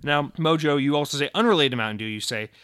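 Profane, animated male podcast host, dry mic. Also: on the high side, fast talker, smooth, no echo. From Massachusetts. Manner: animated, profane, swings between loud rants and muttered asides. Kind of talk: casual chat.

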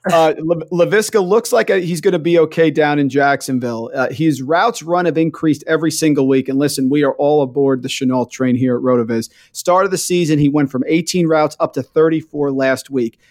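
Hosting a casual podcast chat, this man sets up topics and puts questions to his guest in a conversational way. His voice is fairly high and a little mellow, and he talks briskly with few pauses.

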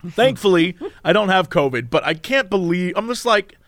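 Close-miked and dry, this man speaks high and with a lot of swing in his pitch. He tells his story casually and animatedly, mimicking the voices of the people in it. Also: expressive, normal speed, a bit bright, no echo. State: tired from no sleep. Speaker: podcast co-host.

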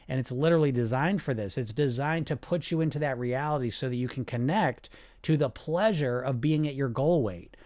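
A man hosts a weight-loss coaching show, speaking energetically and directly to his listeners in casual live coaching talk, often repeating himself. His voice is mid-range with a darkish tone, and the studio-quality recording has no echo.

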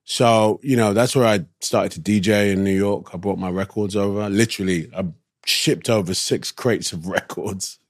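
A man with a London English accent, a guest telling relaxed anecdotes in an interview with slangy asides. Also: lowish voice, normal speed, no echo, clean studio sound. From England. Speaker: actor guest. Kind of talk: casual interview storytelling.

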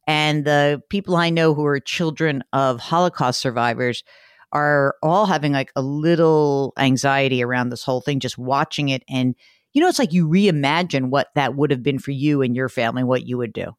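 A woman hosting a personal finance radio show, talking in a blunt, animated, self-deprecating way as she rants and takes calls. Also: rumbling low, moderate pace, no room sound, studio quality. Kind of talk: talk radio chat and rant.

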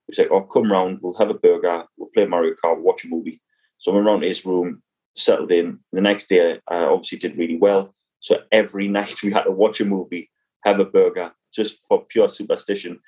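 A man's voice: sits low, level tone, a little fast, a little mellow, slightly rough. A young man, a cricketer, chatting casually as podcast co-host in a laid-back way with lots of fillers. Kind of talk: casual chat.

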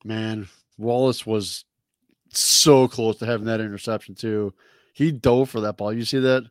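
A man's voice: lowish voice, fairly even intonation, measured pace, clean tone, no echo, studio quality. A man co-hosting a casual sports chat, easygoing and hesitant, often repeating his first words. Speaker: podcast co-host.

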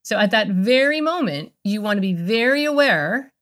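A woman speaking as a guest expert on a podcast, explaining a calming technique with quick role-play examples. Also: medium pitch. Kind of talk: conversational interview.

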